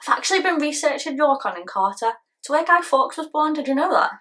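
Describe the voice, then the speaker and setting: Rebellious teen schoolgirl, played by a woman, British accent, fast rants, slightly high voice. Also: animated, fairly bright tone. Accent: British English. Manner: rapid pleading rants, sulky and cheeky. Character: defiant rebellious teenage schoolgirl. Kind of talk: scene acting.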